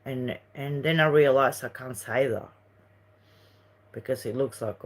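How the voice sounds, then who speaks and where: A woman's voice: very deep voice, unhurried. A woman from Uruguay with a Uruguayan Spanish accent, chatting casually on a livestream, rambling between topics and reading viewer messages. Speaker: livestream host.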